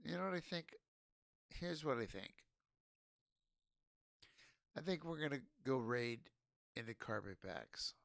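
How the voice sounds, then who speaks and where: A drunk man rants on his stream, angry and profane, stopping and restarting as he goes. His voice is gravelly and his pace is slow and dragging, and the sound is dry and close. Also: mid-range voice, lively intonation, fairly bright tone, no room sound. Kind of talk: ranting casual stream talk.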